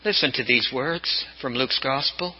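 An older man from California preaching a sermon as a bishop, telling stories and swinging his pitch up and down for emphasis. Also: a little slow, highs cut off, slight background noise. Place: church.

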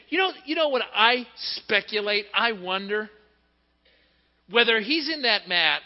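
A male pastor preaching a sermon in an animated storytelling manner, heard in a church hall on a dull recording. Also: sits high, measured pace. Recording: reverberant hall, dull lo-fi sound.

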